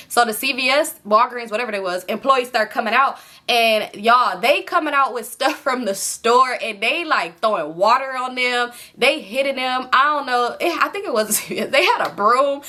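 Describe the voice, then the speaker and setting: A woman vlogger telling a story to her viewers in an animated, profane, chatty way. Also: a little high.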